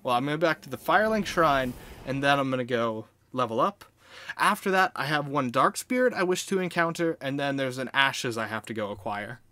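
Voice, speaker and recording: A man giving casual gameplay commentary in an excitable, exclamatory way, swearing freely. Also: mid-range voice, fairly quick, no room sound. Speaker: video game let's-player.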